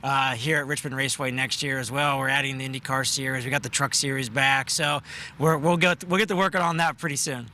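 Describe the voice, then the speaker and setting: A man's voice: medium pitch, brisk, slight background noise. A man, a racetrack president, answering interview questions casually with a tired voice and plenty of fillers. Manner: relaxed, talkative with many fillers.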